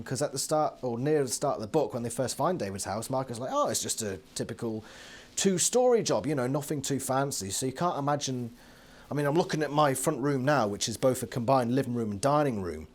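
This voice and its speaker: A man's voice: mid-range voice, expressive, fairly quick. A British man giving a casual, sarcastic book review from his living room, swearing freely and laughing often.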